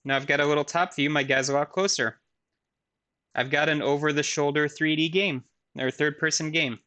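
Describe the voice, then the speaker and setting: A man giving a recorded university lecture with a live software demo, talking casually with frequent fillers and self-deprecating asides. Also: on the high side, steady tone, moderate pace.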